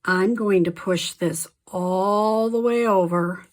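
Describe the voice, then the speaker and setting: A woman's voice: mid-range voice, slow, a little mellow. A woman giving a casual card-making tutorial, chatty and enthusiastic, with frequent ums and little asides. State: slight allergy cough.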